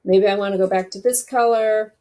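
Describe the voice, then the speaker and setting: A woman's voice: medium pitch, fairly even intonation, fairly quick, warm tone. Chatty woman talking through a screen tutorial. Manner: chatty, thinks aloud while clicking. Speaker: web design tutorial host. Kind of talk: casual screen-recorded tutorial.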